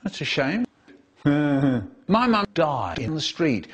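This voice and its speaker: Speaking slowly with a breathy edge, a man dramatizes a story, giving his quoted characters sudden high squeals and hushed drops. The clip appears in a comedy remix.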